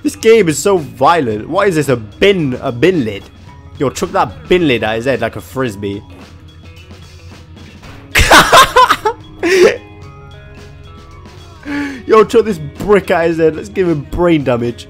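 A young man giving excitable, slangy commentary on a video game, often yelping and laughing. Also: on the high side, moderate pace, faint music behind. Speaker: gaming YouTuber. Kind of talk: gaming commentary.

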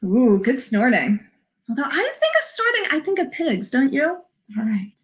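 A woman's voice: high-pitched, huge pitch swings, normal speed. Sing-song woman librarian reading to kids. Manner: sing-song read-aloud with animal noises; encouraging, talks to young viewers. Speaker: children's librarian. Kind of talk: reading a picture book aloud to children. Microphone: livestream camera mic.

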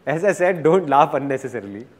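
A man gives a motivational seminar in a fairly high, very lively voice. He swings his pitch widely as he tells stories and jokes with the crowd. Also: fast talker, a little hiss or hum. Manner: animated storyteller, joking with the crowd. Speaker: motivational speaker.

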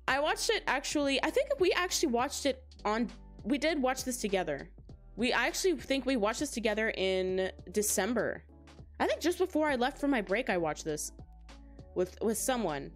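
A woman streamer chatting casually to her live chat, laughing often and talking straight to her viewers. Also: on the high side. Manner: giggly, talks straight to chat.

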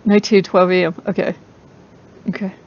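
A woman commenting on her own horror game playthrough into a close microphone, excitable and quick to shriek and laugh. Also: fairly low pitch, highs cut off. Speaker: gaming video host. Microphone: close desk microphone.

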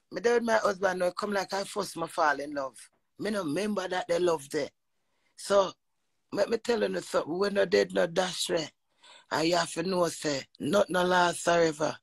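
A woman with a Jamaican accent telling a personal story in an animated monologue, emphatic and profane, often slipping into quoted speech. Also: on the low side, normal speed, creaky, breathy edge, dry recording, low-quality recording. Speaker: vlogger.

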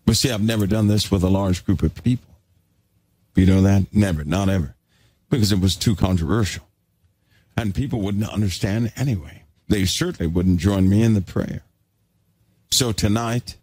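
A man's voice: lowish voice, moderate pace, darkish tone, no echo. A man preaching a sermon in an emphatic, exhorting way.

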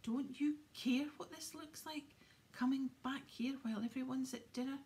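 A woman's voice: sits high, moderate pace, darkish tone, voice pushed up. A woman voicing a stiff, pompous teenage prefect who scolds fiercely. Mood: stern scolding.

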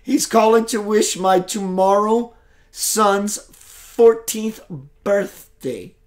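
Slow, emphatic spiritual show host. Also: male voice, high voice, steady tone. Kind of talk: live spiritual broadcast, reading comments.

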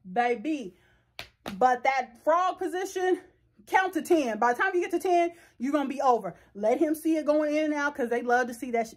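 A woman's voice: high voice, slightly rough. A woman, chatting frankly and bawdily to the camera from her bedroom, often laughing and joking. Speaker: vlogger. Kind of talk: casual chat to camera.

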